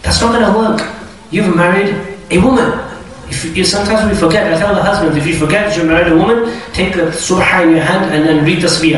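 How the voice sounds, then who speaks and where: Male lecturer, high voice, lively delivery, distant mic in a very echoey hall. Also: fairly quick. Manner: lively, animated explaining with acted-out quotes. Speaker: Islamic lecturer. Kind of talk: lecture to an audience.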